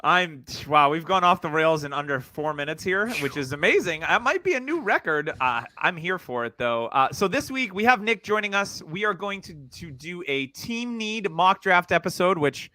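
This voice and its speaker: Bright lively man hosting a podcast. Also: high-pitched, moderate pace, few pauses, dry recording. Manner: joking, upbeat, talks up the show. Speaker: podcast host. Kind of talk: casual sports podcast chat.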